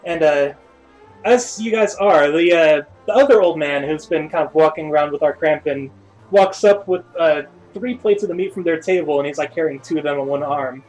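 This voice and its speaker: A man narrating a tabletop game as game master, pausing often and circling back as he describes the scene. His voice sits a little high. Faint music plays underneath. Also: a little mellow, rough recording. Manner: rambling, full of uhs and restarts.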